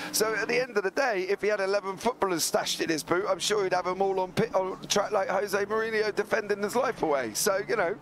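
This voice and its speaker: A hoarse man co-commentating a live sim race, rambling into jokey comic tangents with a croaky voice. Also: sits high, noisy background.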